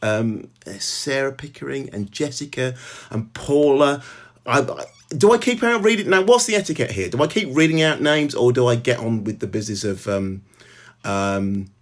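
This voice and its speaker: A middle-aged man with a Birmingham accent hosts a casual live stream at home, greeting viewers by name in a halting way, with lots of ums and restarts. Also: medium pitch. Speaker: author hosting a live stream.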